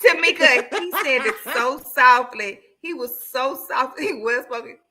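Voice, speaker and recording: A woman co-hosting a podcast in casual chat, expressive and dramatic in her reactions, laughing a lot. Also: sits high, unhurried. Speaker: podcast co-host.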